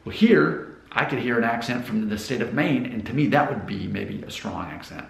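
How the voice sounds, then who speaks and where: A man's voice: medium pitch, normal speed, vocal fry. An American man in his forties, a vlogger talking casually to camera and putting questions straight to his viewers. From United States. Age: 40s. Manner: questioning viewers directly, gesturing as he talks. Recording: roomy echo.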